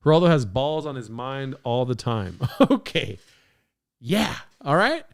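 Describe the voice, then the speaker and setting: Animated, rambling livestream host man. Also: mid-range voice, unhurried, vocal fry. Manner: rambling, profane, laughing a lot. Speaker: podcast host. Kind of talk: casual livestream chat reading comments. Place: home apartment studio. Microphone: podcast mixer setup.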